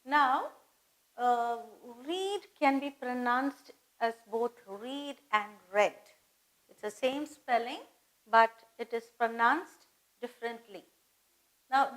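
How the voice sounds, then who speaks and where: A woman teaching English grammar, slow and patient, repeating phrases and spelling words out letter by letter. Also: high-pitched, animated, bright, forceful tone, low-quality recording. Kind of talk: grammar lesson.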